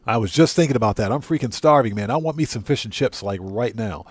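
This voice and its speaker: A man's voice: medium pitch, lively intonation, fast talker, breathy edge, no room sound. Man, game streamer, casual chat, repeats himself, dry close sound. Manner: chatty, repeats himself for emphasis.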